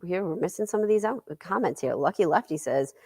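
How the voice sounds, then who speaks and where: This is a woman with a notably low voice co-hosting a morning show. She chats easily and conversationally. The sound is dry and close in a studio. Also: animated, fairly quick, mellow, slightly rough, dry recording. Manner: easygoing, laughs readily, conversational. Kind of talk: casual chat.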